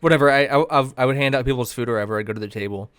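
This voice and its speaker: A man's voice: medium pitch, racing, clear, resonant tone, no echo, clean studio sound. A man in his twenties co-hosting a podcast, telling rambling, self-mocking stories full of swearing. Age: 20s. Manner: rambling, swears a lot, laughs at himself. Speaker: podcast co-host. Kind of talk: casual podcast chat.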